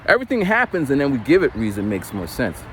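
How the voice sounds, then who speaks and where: A man's voice: mid-range voice, huge pitch swings, fast, slight background noise. A man in his forties rambling casually while walking outdoors, loose and unpolished, swearing now and then. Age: 40s. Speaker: vlogger.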